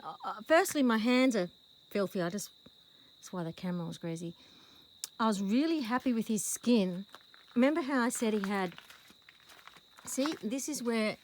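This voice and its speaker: An Australian woman vlogging outdoors with a handheld phone camera, chatting rambly and calling her horse in a high sing-song voice. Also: sing-song, normal speed, long pauses, slight background noise, rough recording. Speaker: horse owner filming her rescue horse. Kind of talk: casual vlog to camera. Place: outdoors in a paddock.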